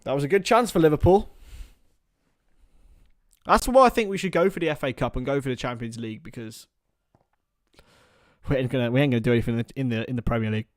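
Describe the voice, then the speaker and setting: A young man giving partisan live commentary on a football match for a fan watchalong, chatting casually between the action and getting loud at chances. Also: mid-range voice, quick pace, pauses often, no echo, clean studio sound. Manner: partisan, rises to excited shouts at chances.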